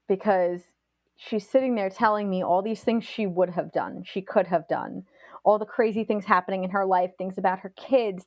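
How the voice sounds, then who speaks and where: Woman podcast guest, lively personal storytelling, dry close sound, mid pitch. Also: no echo. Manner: animated, fast-flowing retelling with frequent "like" fillers.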